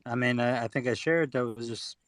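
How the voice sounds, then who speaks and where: Hesitant, halting man on a video call. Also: mid-range voice, a bit bright, dry recording. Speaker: panel participant. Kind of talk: casual group video chat.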